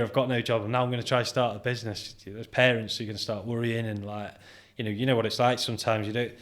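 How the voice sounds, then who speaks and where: On a podcast, a British company founder in his forties recounts lively tales in a casual conversation, dramatizing the dialogue and laughing often. His voice sits on the low side.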